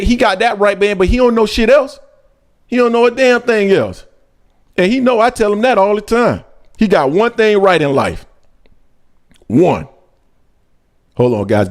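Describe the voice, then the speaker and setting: Man, live-stream host, fiery rants, big pitch swings, home basement. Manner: heated, swings between loud rants and low asides. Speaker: host of a boxing channel. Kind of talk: live-stream commentary and comment reading.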